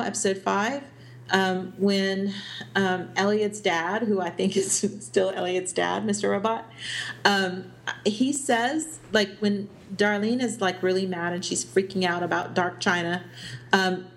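Chatty woman podcast co-host. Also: mid-range voice. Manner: chatty, thinks aloud with many ums and little laughs. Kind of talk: casual TV recap chat.

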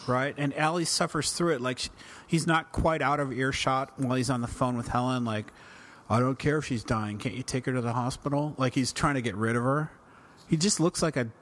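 Man, co-host, casual recap chat, rambling, mid-pitched voice. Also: a bit bright. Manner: rambling, many restarts and "like"s. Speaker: podcast co-host.

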